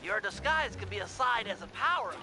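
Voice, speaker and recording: A man's voice: high-pitched, expressive, a little fast, noisy background. An actor voicing a brainy male turtle planner who lays out mission plans in a precise, explanatory way for a video game. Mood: briefing. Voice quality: precise, explanatory briefing delivery. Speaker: gang planner giving mission briefings. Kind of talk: video game cutscene dialogue. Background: faint game music.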